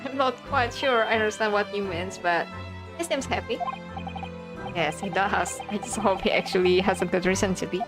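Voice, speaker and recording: A woman voicing a gentle, courteous young female judicial assistant, over game music. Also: mid-range voice, moderate pace, natural voice.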